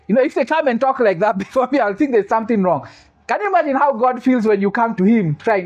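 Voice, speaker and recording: A man's voice: extremely high pitch, lively intonation, quick pace, muffled recording. A man preaching a sermon, repeating key phrases for emphasis, asking the congregation questions and adding humorous asides. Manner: quizzes the congregation for responses.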